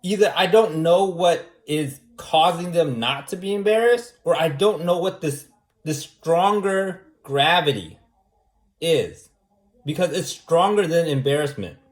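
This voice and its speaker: A man's voice: fairly high pitch, expressive, measured pace. A man in a casual monologue who argues his point over and over and keeps asking "right?". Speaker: vlogger. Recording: echoey room.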